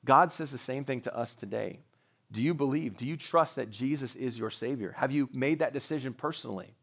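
A man's voice: mid-range voice, fairly bright tone. A man who is a pastor, preaching a sermon in a conversational way, with rhetorical questions and joking asides.

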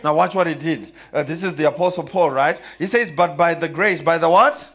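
A man's voice: fairly high pitch, a little fast, fairly bright tone, husky. A man preaching a sermon, calling out questions for the congregation to answer and laughing often. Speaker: pastor.

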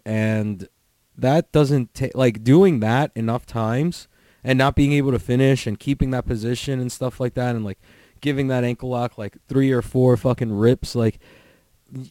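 A man's voice: mid-range voice, warm tone, no room sound. A man hosting a podcast alone, chatting casually in a rambling, profane way full of "like" fillers. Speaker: podcast host. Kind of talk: casual solo podcast chat.

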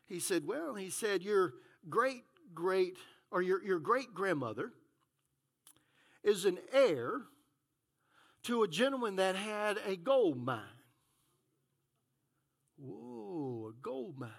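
A man pastor preaching a sermon, telling a story and acting out the dialogue with animated delivery. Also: sits high, slow pace.

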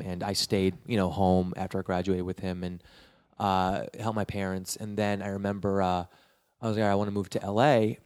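A man from New York tells his story in a loose, rambling way, restarting his sentences and acting out what people said. His voice sits fairly low. It is recorded close and dry, with no room sound. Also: a little mellow, no room sound. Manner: rambling, with many restarts, and acts out the quotes. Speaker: guest telling his career story. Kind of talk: casual storytelling.

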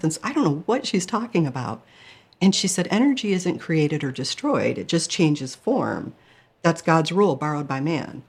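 A woman's voice: deep voice, sing-song, moderate pace, breathy edge. Earnest woman telling a personal story. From Michigan. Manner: earnest, emotional, acts out her inner thoughts in quotes. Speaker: near-death experience storyteller.

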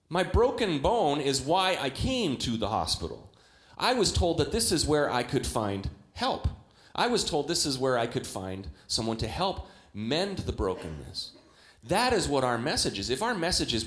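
A young adult man preaching a sermon in a church, talking conversationally with many rhetorical questions and animated quoted voices. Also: mid-range voice, moderate pace, echoey room. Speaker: pastor. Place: church hall.

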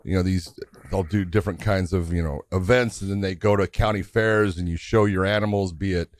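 A man's voice: sits low, fairly quick, dry recording. A middle-aged man telling farm stories in casual chat, laughing as he goes. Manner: animated, laughing storyteller. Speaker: podcast guest telling stories.

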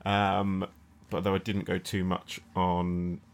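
A man's voice: deep voice, completely flat delivery, slow. A man co-hosting a film review podcast, talking casually with frequent hesitations and restarts. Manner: hesitant, many restarts and fillers. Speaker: podcast co-host.

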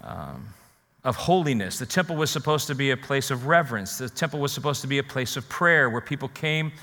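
A man preaching a sermon as pastor, rising and falling with emphasis and dramatic pauses. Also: mid-range voice, lively intonation, sharp tone, in a large hall.

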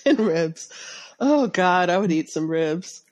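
Talking on a close boom mic, a podcast co-host chats casually about a short story; she sounds congested and has a slight lisp with spitty sibilants. Her delivery is expressive, slow, and darkish in tone, full of laughter and frequent restarts.

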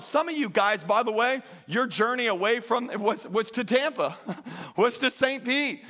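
A man with a high, bright voice preaches with a lilt. He pushes hard into loud, emphatic peaks, then drops to soft, joking asides with his congregation. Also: lively intonation, normal speed. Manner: emphatic, rises to near-shouting peaks and drops to quiet asides; jokes with the congregation. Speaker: pastor. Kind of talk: sermon.

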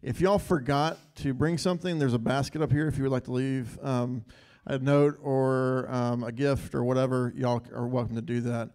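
A man's voice: medium pitch, steady tone, normal speed, few pauses, a little mellow, clean tone. A man leading an earnest spontaneous prayer in church, saying God between phrases, with hesitant ums. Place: church sanctuary.

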